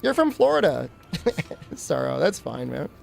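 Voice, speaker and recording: A man's voice: on the high side, huge pitch swings, unhurried, vocal fry, darkish tone, soft background music. A man streaming a game, rambling and joking with his chat in a casual way. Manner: rambling, joking, talks to chat while playing.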